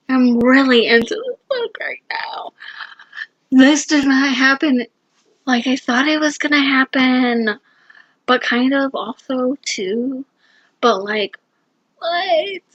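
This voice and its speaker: A fairly high-voiced woman gushing about her reading in casual vlog check-ins, talking slowly and repeating herself. The sound is dry and a bit muffled, as if from a camera mic. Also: expressive, no room sound. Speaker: booktuber.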